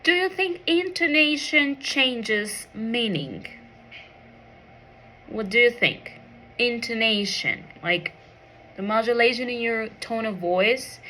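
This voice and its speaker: A woman's voice: on the high side, bright, forceful tone. A woman teaching an English pronunciation micro lesson, asking the class questions and checking in with "okay?" after each point.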